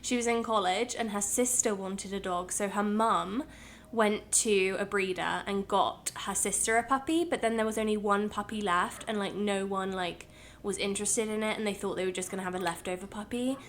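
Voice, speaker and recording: A woman's voice: mid-range voice, normal speed, a little hiss or hum. Chatty woman podcast co-host. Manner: chatty, laughing storyteller. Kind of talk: casual chat.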